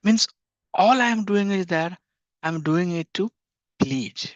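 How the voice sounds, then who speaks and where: A man's voice: high-pitched, lively intonation, a little slow, pauses often, dry recording. A middle-aged man teaching a devotional class earnestly, repeating phrases for emphasis. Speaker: spiritual teacher. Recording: dull lo-fi dry recording.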